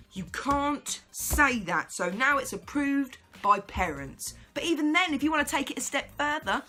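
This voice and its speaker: A woman's voice: high-pitched, pushed and bright. A woman, a vlogger, ranting to camera in an exasperated, sarcastic way and laughing along.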